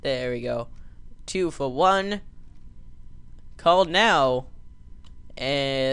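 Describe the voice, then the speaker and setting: A man's voice: on the high side, big pitch swings, slow, long pauses, a bit bright, clean tone, no room sound. A man giving goofy, joking commentary over a game he plays as host. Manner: goofy, joking, mock voices. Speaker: let's play host. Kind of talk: gaming commentary.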